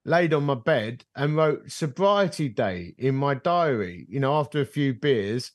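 A man's voice: medium pitch, a little slow, no echo. Man telling a story, dry close sound. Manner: animated storyteller who acts out dialogue. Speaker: podcast guest, ministry leader. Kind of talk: storytelling in casual conversation. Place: bar.

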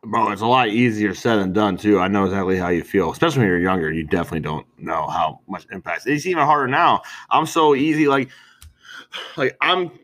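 A man's voice: lowish voice, brisk, a bit bright. A young man co-hosting a podcast in casual chat, laid-back, laughing often and calling people bro and dude. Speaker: podcast co-host.

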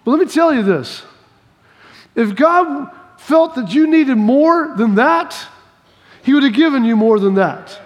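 A man's voice: very high-pitched, animated, unhurried. A male preacher giving a sermon, telling stories animatedly and acting out scenes, often repeating his phrases. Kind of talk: sermon with personal storytelling. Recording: reverberant hall.

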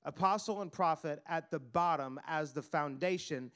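Male pastor, middle-aged, high voice, earnest sermon delivery with repeated words. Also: normal speed, a bit bright.

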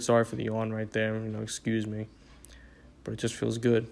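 A man's voice: fairly low pitch, monotone, moderate pace, gravelly, darkish tone. A tired young man from the New York area hosting a casual solo podcast, rambling with lots of swearing and filler words. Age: young adult. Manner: rambling, profane, many fillers. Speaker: podcast host.

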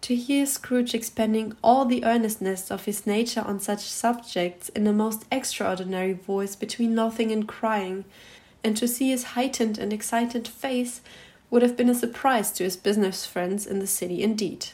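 A woman narrating a classic story in an expressive literary reading. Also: medium pitch, moderate pace. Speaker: reader.

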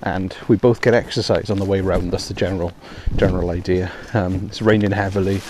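A man with a lowish voice rambles through a casual podcast monologue, full of ums and self-deprecating asides. He is out walking in the rain, speaking into a hands-free phone headset, with faint outdoor noise behind him. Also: fairly even intonation, a little fast, darkish tone. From Wales. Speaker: podcast host.

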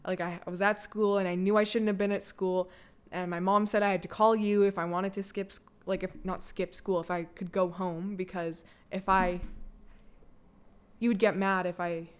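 A woman's voice: lowish voice, little pitch movement, normal speed, smooth. A young Canadian woman sharing a personal story in a loose, candid way, full of fillers and casual swearing. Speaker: guest, daughter of the host.

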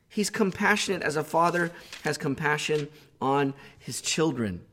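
A man's voice: on the high side, lively intonation, moderate pace, a bit bright. A male pastor preaching an earnest sermon, growing impassioned as he voices the psalmist's pleas.

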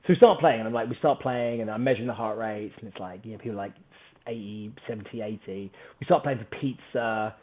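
A British man telling a story on a podcast in an energetic, animated way, swearing freely. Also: lowish voice, quick pace, narrow, tinny audio. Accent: British English. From Britain. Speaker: podcast guest, startup founder. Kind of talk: casual storytelling chat.

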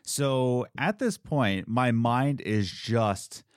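A podcast host telling a story in a casual, animated way and acting out the people in it. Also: male voice, medium pitch, drawn-out words, clean tone, no room sound, clean studio sound. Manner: animated, acts out quoted voices.

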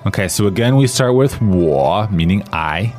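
A man's voice: on the low side, animated, normal speed, darkish tone, soft background music. A man explaining phrases conversationally in a podcast language lesson. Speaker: language teacher.

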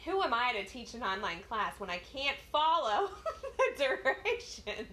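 A woman's voice: a little high, very animated, measured pace, bright, forceful tone, a little hiss or hum. A woman co-hosting a podcast, a mother of a small child, telling self-deprecating stories with lots of laughter. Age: adult, mother of a young child. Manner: giggly, self-deprecating storyteller. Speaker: podcast co-host. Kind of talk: casual chat.

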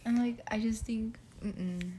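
A woman's voice: fairly high pitch, steady tone, a little slow, warm tone, a little hiss or hum. A young woman in casual, joking chat about dating, with lots of fillers.

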